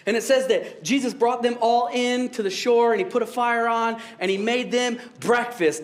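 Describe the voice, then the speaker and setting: A young man preaching in a casual, joking tone, often breaking into laughter at his own lines. His voice sits high for a man, and he keeps the sermon light and conversational. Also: normal speed, few pauses. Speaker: pastor.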